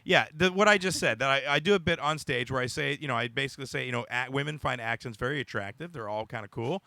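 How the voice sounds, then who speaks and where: A man hosting a comedy podcast as a stand-up comic, excitable and talking over the others in lively banter. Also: mid-range voice, fast talker, vocal fry, hardly any pauses, dry recording.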